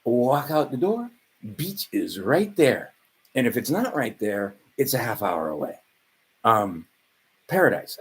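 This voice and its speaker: Man, around 60, from Hawaii, husky, lively pitch, rambling profane vlog monologue. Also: measured pace, low-quality recording. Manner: rambling, profane, with frequent fillers and laughing asides. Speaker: vlogger.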